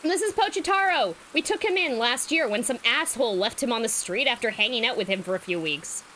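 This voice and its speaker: A woman doing a high, grandiose gang boss lady. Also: expressive, fairly quick, pushed and bright, a little hiss or hum, low-quality recording.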